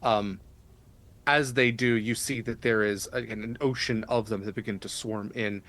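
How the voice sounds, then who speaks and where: A man narrating a tabletop role-playing game as game master, slow and deliberate with pauses. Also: lowish voice, fairly even intonation, a bit bright.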